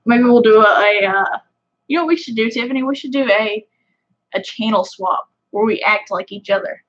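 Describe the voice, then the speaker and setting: A woman's voice: a little high, normal speed, dull audio. A woman with a Southern US country accent hosting a casual livestream, chatting with viewers in a rambling way full of fillers. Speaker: fishing channel host.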